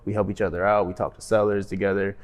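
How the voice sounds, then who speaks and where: Young male vlogger, lowish voice, relaxed conversational delivery with "right?" tag questions. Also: quick pace. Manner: conversational, frequent "right?" tag questions, self-described monotone. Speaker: real estate wholesaler and vlogger. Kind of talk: casual motivational vlog talk.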